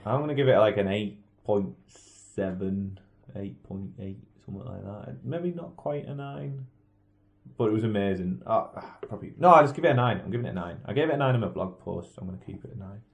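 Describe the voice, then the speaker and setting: A man's voice: fairly low pitch, animated, brisk, gravelly, narrow, tinny audio. A man hosting a casual film podcast, chatting easily and leading the others through their ratings. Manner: easygoing, leads the rating round. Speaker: podcast host. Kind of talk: casual film review chat.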